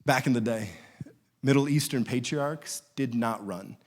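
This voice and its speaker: A man's voice: mid-range voice, measured pace, long reverb tail. A man preaching a sermon, telling a story and acting out the lines of the people in it. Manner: storytelling, animated, acts out quotes. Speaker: pastor.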